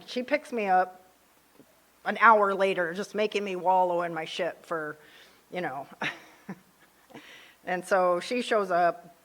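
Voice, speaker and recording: A woman's voice: lowish voice, fairly bright tone. A woman in her late forties telling her own story of getting sober, candid and emotional, often voicing her past thoughts. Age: 40s. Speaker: recovery speaker. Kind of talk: personal recovery story at a meeting.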